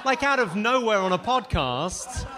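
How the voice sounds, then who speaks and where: A man's voice: high voice, sing-song, measured pace, bright, forceful tone, some chatter behind. A middle-aged British man, a comedian chatting as a podcast guest in a wry, self-mocking way. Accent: British English. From United Kingdom. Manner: wry, self-mocking, laughs at his own lines. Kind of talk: casual podcast chat.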